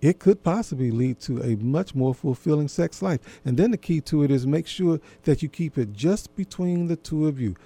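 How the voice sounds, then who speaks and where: A man giving an earnest, gently instructive talk to listeners about marriage, often repeating himself. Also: fairly high pitch, lively intonation, normal speed, hardly any pauses, husky, dry recording. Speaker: marriage and intimacy speaker.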